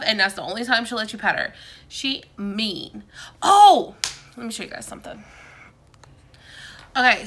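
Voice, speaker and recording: A woman in her thirties with a fairly high, bright, forceful voice vents in a casual chat. She's a vlogger recording at home in a dim room.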